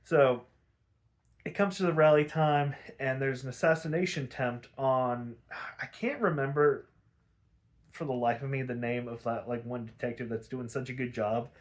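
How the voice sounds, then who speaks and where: A man's voice: mid-range voice, normal speed. A young man hosting a podcast, recapping a cartoon episode in a loose, chatty way, full of fillers, swearing and laughter. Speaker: podcast host.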